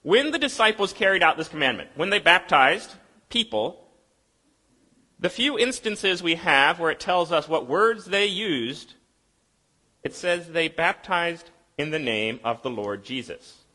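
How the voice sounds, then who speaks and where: A man delivering a sermon with a lively, swooping delivery and a bright, forward tone. He explains ideas in a conversational way, asks rhetorical questions, and slows down to read scripture solemnly. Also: on the high side. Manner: reads scripture aloud slowly and solemnly. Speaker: pastor.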